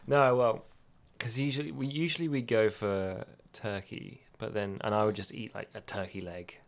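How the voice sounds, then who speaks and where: A man's voice: fairly low pitch, fairly even intonation, normal speed, gravelly. A young man co-hosting a podcast, chatting casually, laughing a lot and swearing freely. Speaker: podcast co-host. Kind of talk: casual chat.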